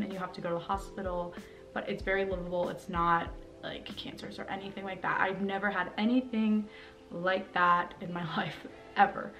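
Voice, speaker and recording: Young woman rambling candidly to camera. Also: medium pitch. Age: young adult. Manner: rambling and candid, with many fillers. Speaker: vlogger. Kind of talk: personal vlog talking to camera. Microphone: camera mic, talking to camera.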